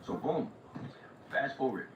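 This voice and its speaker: A man's voice: mid-range voice, lively intonation, unhurried. A man on a livestream telling a long story in casual street slang, full of "like" and "right?". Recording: far-off echoey lo-fi mic with noise.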